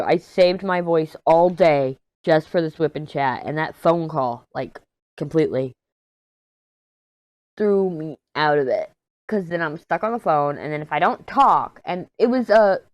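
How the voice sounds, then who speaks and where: A woman, chatting casually as a crafting vlogger in a hoarse, tired voice, rambling and self-deprecating. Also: low voice, a little mellow, dry recording. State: hoarse, worn out. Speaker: crafting YouTuber. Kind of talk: casual chat while diamond painting.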